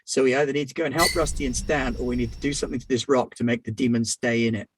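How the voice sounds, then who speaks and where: A man's voice: medium pitch, fairly even intonation, racing. A man playing in a tabletop game, describing his character's actions in an urgent, eager way. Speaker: player. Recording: noisy recording.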